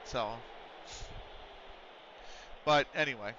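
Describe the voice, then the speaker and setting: A man's voice: medium pitch, extremely slow, pushed and bright, highs cut off, a little hiss or hum. A man chatting casually and at length while streaming a game, rambling with a loose, swearing manner. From United States.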